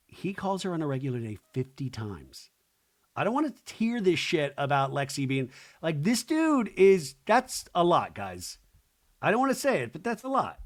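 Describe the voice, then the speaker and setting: A young adult man with a high-leaning, sing-song voice talks at a moderate pace. Hosting a solo podcast, he sarcastically recaps a reality show in casual chat, swearing freely and mocking people with exaggerated quoted voices.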